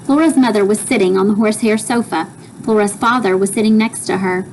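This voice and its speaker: A woman reading a children's book aloud with expressive storytelling. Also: mid-range voice, a little fast, a little hiss or hum, low-quality recording. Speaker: reader.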